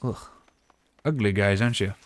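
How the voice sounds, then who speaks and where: A man's voice: lowish voice, normal speed, dry recording. Chatty man streaming a game. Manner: relaxed, chatty, thinking aloud. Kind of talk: casual gameplay commentary.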